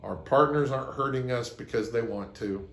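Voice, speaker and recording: Man, advice host, earnest, storytelling, middle pitch, echoey room. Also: moderate pace, gravelly, fairly bright tone. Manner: earnest, anecdotal, acts out quoted lines. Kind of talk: advice monologue to camera.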